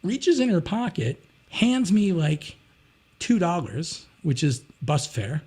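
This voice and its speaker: A man tells a story as a podcast guest. His voice is fairly high and husky with some gravel. He swoops up and down in pitch, rambles, and keeps slipping into the voices of the people in his story. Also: slow pace. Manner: animated, acts out other people's voices in his stories; rambling, with frequent restarts and "you know". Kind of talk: casual anecdote storytelling.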